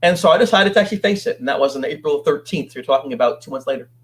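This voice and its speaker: A man telling his story as a guest on an interview show, animated and acting out what others said. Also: a little high, very fast. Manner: animated, acts out quoted voices.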